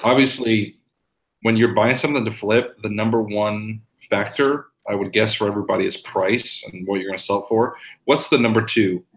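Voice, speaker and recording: A man's voice: on the low side, normal speed, poor audio. A thoughtful man chatting as a reseller panelist on a live video call, posing questions to the group. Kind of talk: casual live-stream chat.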